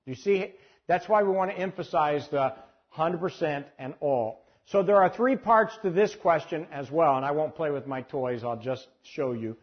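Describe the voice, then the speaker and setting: A man's voice: fairly high pitch, animated, moderate pace, breathy edge, muffled recording. A man teaching a church class on sharing faith, talking conversationally and often putting questions to his audience. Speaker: evangelism trainer.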